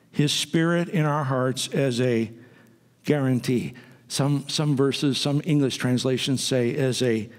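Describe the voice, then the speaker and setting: A man's voice: mid-range voice, darkish tone. A man preaching a sermon to his congregation, conversational, with asides to the people in the pews. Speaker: pastor. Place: church sanctuary. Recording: long reverb of a church sanctuary.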